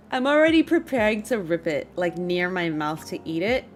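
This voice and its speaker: Addressing her chat at a measured pace, a young woman with a lowish voice recounts a story as an animated, exasperated rant, laughing as she vents. A little hiss or hum sits under the audio.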